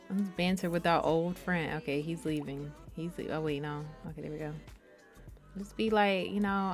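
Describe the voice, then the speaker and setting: A woman's voice: fairly low pitch, measured pace, faint music behind. Chatty young woman narrating her gameplay. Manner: chatty, animated, addresses viewers as y'all. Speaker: gaming YouTuber. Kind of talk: casual let's-play commentary.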